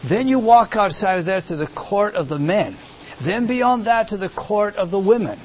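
A man's voice: high voice, animated, moderate pace, slight background noise. A man preaching an expository sermon, emphatic and repeating phrases for stress while pointing out words and diagrams. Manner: explains with gestures to a text or diagram. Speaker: pastor.

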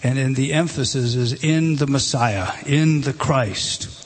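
A man of ordinary pitch teaches a Bible passage word by word, breaking off and starting over again and again. He climbs higher and louder to stress a point, under a faint steady background noise. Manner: halting, many restarts, points at a page and rises when stressing a word.

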